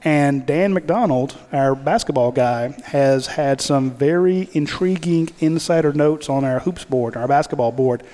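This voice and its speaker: A man hosting a sports talk show, chatty and animated. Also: a little high, a little slow, few pauses, long reverb tail.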